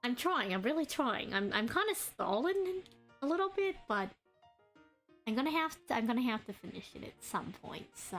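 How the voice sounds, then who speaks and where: A young adult woman streaming while she draws, chatting and rambling to her viewers in a deliberately adopted voice and cadence. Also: fairly high pitch, big pitch swings, fairly bright tone, faint music behind. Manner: chatty, rambling, greets chat by name. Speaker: streamer and artist. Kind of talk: casual live-stream chat while drawing.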